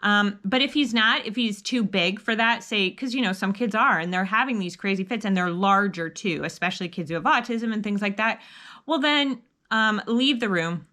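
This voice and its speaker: A woman's voice: medium pitch, normal speed, pushed and bright. A middle-aged woman giving casual parenting advice, earnest and rambling, with many restarts, sometimes acting out upbeat lines a parent could say. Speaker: homeschooling parent advice vlogger. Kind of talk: casual advice talk to camera.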